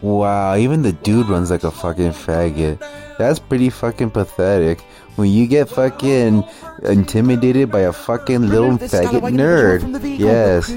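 A man doing profane, mocking commentary over a video clip, with a sneering, swearing manner. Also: fairly low pitch.

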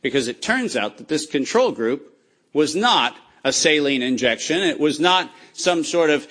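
A man giving an impassioned, accusatory speech with slides, speaking emphatically with deliberate pauses. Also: a little high, expressive, fairly bright tone.

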